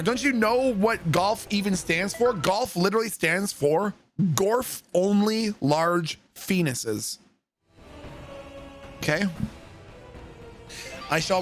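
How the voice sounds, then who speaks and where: A high-voiced man streams a golf video game. He jokes, swears and ribs his friend, stopping to read out viewer messages. Faint game music plays underneath. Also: a bit bright. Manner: joking, profane, teasing banter; reads viewer messages aloud. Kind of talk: casual gaming livestream chat.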